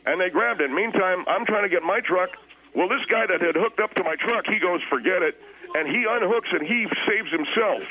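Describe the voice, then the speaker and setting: A man's voice: high voice, moderate pace, bright, forceful tone, low-quality recording. A man playing a rambling, defensive boater who tells his mishaps at length. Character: middle-aged man, blustering hapless boater.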